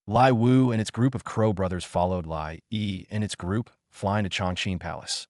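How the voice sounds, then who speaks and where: Guy narrating a fantasy story, low-ish voice, dry close mic, steady reading. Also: moderate pace, few pauses, no echo.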